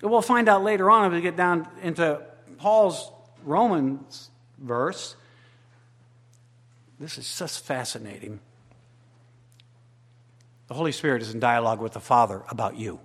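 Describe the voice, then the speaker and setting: A man preaching a sermon as pastor, swinging between loud emphatic declarations and quiet, intimate asides. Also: on the high side, a little slow, long pauses. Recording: long hall reverb.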